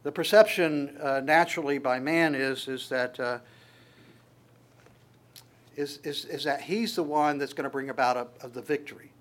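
A man's voice: mid-range voice, normal speed. A man preaching a sermon, quoting scripture and talking to his congregation in a conversational way, often restarting his sentences. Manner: conversational, quotes scripture and acts out voices in passing; frequent restarts and stammers.

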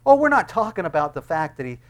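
An older man preaching a sermon, swinging from hushed asides to loud, impassioned lines and acting out quoted voices. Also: on the high side, sing-song, quick pace.

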